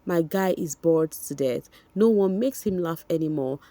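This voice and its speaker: A woman's voice: lowish voice, moderate pace, warm tone, dry recording. A young woman with a Nigerian accent, chatting directly to her viewers in a casual gossip commentary, repeating points for emphasis. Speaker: vlogger.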